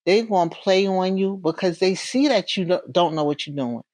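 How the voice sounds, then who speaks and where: A woman in her forties with a Northern US accent, a correctional officer talking casually in an interview, bubbly and animated, acting out the voices in her stories. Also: on the low side, normal speed, no room sound. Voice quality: bubbly, warm-hearted. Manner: animated, storytelling, acts out quoted voices.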